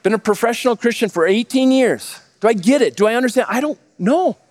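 A pastor in his thirties delivers a sermon in a fairly high voice. He keeps posing rhetorical questions and answering them himself, with plenty of energy. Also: animated, fairly quick, a little mellow.

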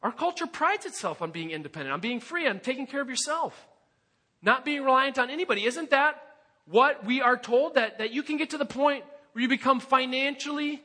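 An earnest man preaching a sermon, pressing his listeners with rhetorical questions. His voice sits unusually high and rings bright and sharp, and the delivery stays emphatic throughout. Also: animated, fairly quick. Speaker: pastor.

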